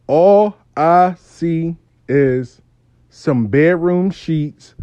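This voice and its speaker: A man in casual comedic storytelling, slangy and animated, telling a story as a spiritual worker. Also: a little high, drawn-out words, dull audio. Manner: slangy, animated retelling, acting out both sides.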